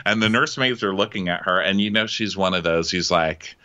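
A man co-hosting a casual, jokey TV recap, animated and acting out characters. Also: low-pitched, a little fast, dull audio. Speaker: podcast co-host.

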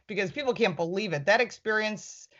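A woman who reviews cars, chatting on a panel and telling a story with lively quoted lines. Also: medium pitch, fairly quick, dull audio. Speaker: car reviewer with a YouTube channel. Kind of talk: casual panel chat.

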